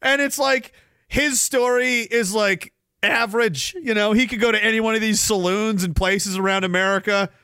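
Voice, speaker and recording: Male stream host, exasperated sarcastic ranter, slightly high voice, dry booth sound. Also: steady tone, normal speed, bright, forceful tone, smooth, no room sound. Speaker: podcast host. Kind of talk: ranting live stream commentary.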